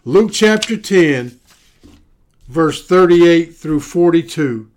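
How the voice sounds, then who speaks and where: Male pastor, slightly high voice, unhurried delivery, repeats phrases, preaching on a podcast. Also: animated. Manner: preaching with rising emphasis and repetition; soft low-voiced prayer. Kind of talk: podcast sermon.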